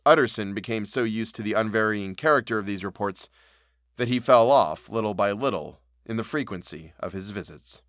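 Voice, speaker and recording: A man reading a classic story aloud for a podcast in a measured, steady way. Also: lowish voice, no room sound, studio quality. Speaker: podcast reader.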